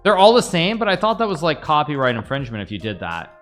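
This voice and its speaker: A man's voice: a little high, huge pitch swings, fast, a bit bright, soft background music. A man in his thirties from the United States, live-streaming chess with rambling chatty commentary to his viewers. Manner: chatty, rambling, talks to chat while playing.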